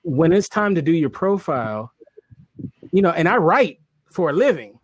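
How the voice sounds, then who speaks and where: A man's voice: fairly high pitch, sing-song, normal speed, husky. A man hosting a casual livestream chat, laid-back and slangy, laughing often. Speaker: host.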